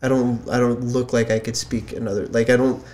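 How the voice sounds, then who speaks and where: A man co-hosting a podcast, chatting casually with quick interjections and questions. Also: medium pitch, little pitch movement, a little mellow, slight background noise. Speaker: podcast co-host. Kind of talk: casual chat.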